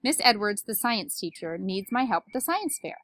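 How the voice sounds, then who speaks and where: A woman's voice: medium pitch, sing-song, normal speed, fairly bright tone, no echo. A woman voicing a cheerful, literal-minded housekeeper in a children's storybook.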